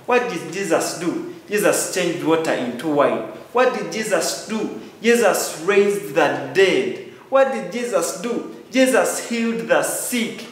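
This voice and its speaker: A man's voice: sits high, animated, slow. A man teaching a children's sermon in church, asking "Amen?" and repeating key lines. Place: church hall. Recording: very echoey church hall.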